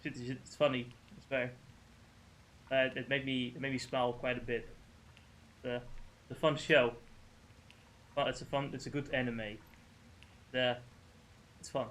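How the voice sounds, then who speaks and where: A man's voice: mid-range voice, little pitch movement, measured pace, long pauses, a bit bright, slight background noise. A man chatting casually during a game livestream, rambling, swearing often and stumbling over names. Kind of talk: casual gaming stream chat.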